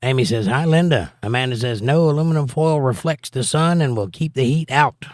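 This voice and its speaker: A man's voice: mid-range voice, a little fast, no echo. Man casually reading out live chat. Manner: reads chat messages aloud and answers with dry jokes. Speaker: livestream host reading viewer chat.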